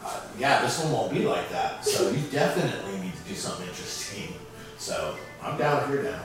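Low-voiced woman joking on a stream. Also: sing-song, brisk, very echoey, distant mic, over music, poor audio. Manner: joking, teasing, laughs often. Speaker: co-host of a live stream. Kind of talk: casual chat.

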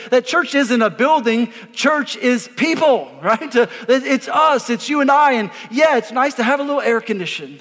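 A man, a pastor preaching an energetic sermon, emphatic and repeating words as he calls on the congregation to answer. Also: very high-pitched. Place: church auditorium before a congregation. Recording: live in a reverberant hall.

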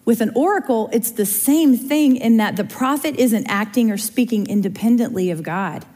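A woman's voice: on the high side, moderate pace, warm tone. A woman teaching a Bible study in a chatty, conversational way, often checking in with her listeners. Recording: long reverb of a large room.

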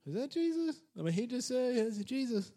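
A man's voice: very high voice, sing-song, a little fast, mellow, pitched above the performer's own voice, exaggerated voice. A man voicing a doubtful male disciple who mutters sarcastic complaints in a boat during a storm. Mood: sarcastic grumbling.

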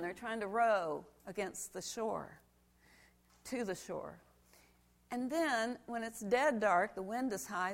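A woman pastor giving a lively sermon in a church, telling a story and acting parts out with volunteers. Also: mid-range voice, gravelly. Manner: animated storyteller, demonstrates with volunteers. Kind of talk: children's sermon with props.

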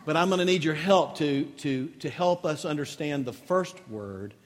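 A man's voice: a little high, normal speed. A man preaching a sermon as pastor, conversational and rising into emphatic lists. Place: church sanctuary. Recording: long reverb of a large hall.

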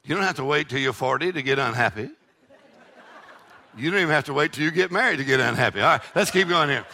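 Older pastor, gravelly bright voice, fiery call-and-response preaching. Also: male voice, on the high side, lively intonation, fast. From Texas. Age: 60s. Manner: preachy call-and-response with shouted peaks and laughing asides. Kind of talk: sermon.

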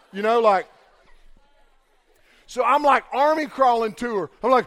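A young man preaching, telling a comic, animated story with big swings in volume. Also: very high voice, moderate pace. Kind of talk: storytelling sermon.

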